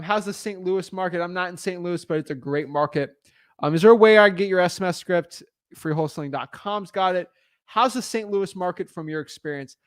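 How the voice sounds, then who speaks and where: A man hosts a casual live question-and-answer stream, talking with eager energy. His voice sits a little high and the sound is dry and close, with no room behind it. He piles on fillers and repeats phrases to drive things home. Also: no echo. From United States. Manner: energetic, repeats himself, many fillers and restarts. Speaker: livestream host answering viewer questions.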